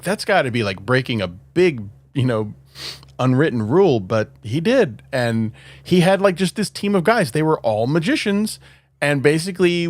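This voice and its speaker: A man's voice: medium pitch, dry recording. A man co-hosting a podcast in casual chat, rambling with lots of fillers and laughing often. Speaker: podcast co-host.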